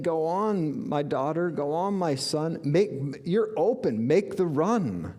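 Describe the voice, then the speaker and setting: A man's voice: on the high side, expressive, measured pace, few pauses, a little mellow. A man giving an inspirational sermon as a spiritual teacher, earnest and reflective, with bursts of enthusiasm.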